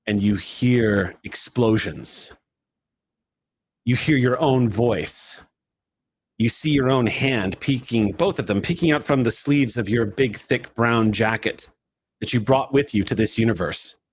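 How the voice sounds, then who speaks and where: A man runs a tabletop role-play, narrating dramatically in the second person. His voice is husky and mid-pitched. He speeds through some lines and stretches others out slowly. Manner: shifting pace, swift then drawn out. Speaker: game master.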